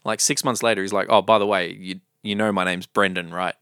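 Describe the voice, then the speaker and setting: A man chatting casually and joking, quick to laugh. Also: deep voice, steady tone, a bit bright, smooth, dry recording, studio quality. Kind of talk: casual chat.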